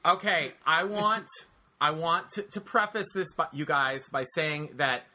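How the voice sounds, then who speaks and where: A man telling a personal story on a casual podcast, animated and profane, talking straight to his listeners. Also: on the high side, a little slow.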